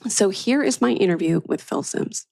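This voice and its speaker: Woman podcast host, upbeat and excited, dry close mic sound. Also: mid-range voice, moderate pace, vocal fry, dry recording. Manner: enthusiastic, upbeat. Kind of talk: scripted intro, then interview.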